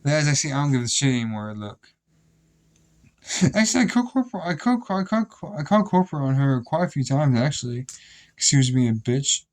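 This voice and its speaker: A man's voice: mid-range voice, sing-song, fast talker. A young man casually telling rambling, profane stories about his old job, with many restarts. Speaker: vlogger. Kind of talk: casual storytelling.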